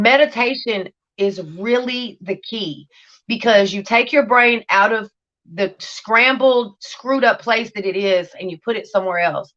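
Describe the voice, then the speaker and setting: A woman's voice: mid-range voice, pushed and bright, muffled recording. A woman telling her recovery story in a livestream interview, blunt and profane, acting out scenes as she talks. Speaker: guest sharing recovery story.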